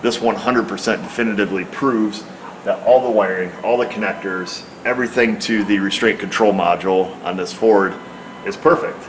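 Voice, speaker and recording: A man's voice: fairly low pitch, moderate pace, background noise. A man working on a car, explaining a repair step by step in a plain, hands-on way. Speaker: auto repair technician. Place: car repair shop, at the vehicle.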